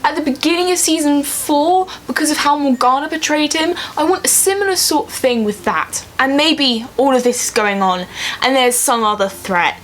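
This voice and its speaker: A woman's voice: high voice, animated, moderate pace, fairly bright tone, a little hiss or hum. A young woman ranting emphatically in a casual vlog, swearing freely and getting emotional. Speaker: vlogger. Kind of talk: casual fan rant.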